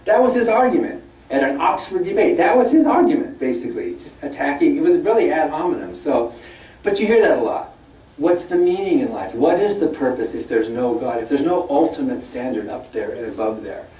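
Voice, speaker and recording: An older man gives a chatty guest lecture full of fillers and stories. His voice is mellow and low-key. He sounds distant from the mic, in a roomy, echoing hall. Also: animated, fairly quick. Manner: conversational storytelling, with many fillers; mimics opponents in a raised, mocking voice. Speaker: guest speaker. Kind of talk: public lecture. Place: lecture room at a university event.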